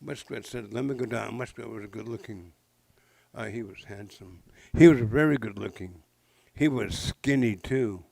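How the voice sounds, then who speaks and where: A man's voice: fairly low pitch, measured pace, gravelly, a little mellow, rough recording. A man in his sixties from the Pacific Northwest, telling traditional legends to a live audience with playful jokes and questions. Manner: playful, interactive, jokey asides. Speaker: traditional storyteller. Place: public library talk.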